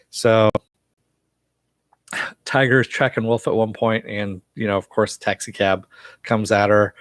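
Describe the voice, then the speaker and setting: A man's voice: lowish voice, fairly even intonation, moderate pace, fairly bright tone, no room sound, studio quality. A man recapping a TV episode on a live stream, rambling with lots of fillers and chuckles. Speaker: TV show reviewer.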